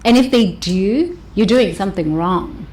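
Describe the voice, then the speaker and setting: A woman giving an expressive motivational talk, stretching words for emphasis and laughing often. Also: medium pitch, measured pace. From South Africa. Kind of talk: motivational monologue.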